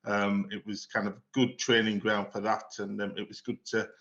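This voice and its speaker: A man with a Yorkshire accent, a charity founder guesting on a podcast, relaxed and hesitant with many ums. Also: lowish voice, normal speed, highs cut off. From Halifax, England. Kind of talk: podcast interview.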